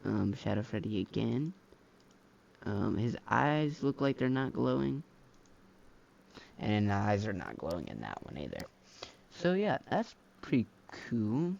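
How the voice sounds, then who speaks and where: A man's voice: fairly low pitch, vocal fry, a little mellow. A man giving casual gameplay commentary as a mod reviewer, rambling with many fillers and slang, recorded on a dull lo-fi mic.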